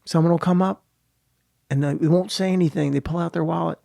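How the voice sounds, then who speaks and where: A middle-aged man, a guest and motivational speaker, telling a personal story with emotion and pausing often to search for his words. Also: fairly high pitch, steady tone, creaky, dark tone, no room sound. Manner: halting, searching for words, many restarts.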